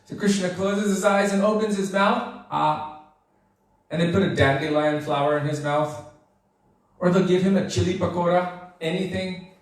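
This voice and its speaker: A man's voice: high-pitched, moderate pace. Man telling devotional stories in an echoey hall. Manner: animated storyteller acting out the characters. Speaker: devotional speaker. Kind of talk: devotional storytelling lecture. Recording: very echoey room, voice far from mic.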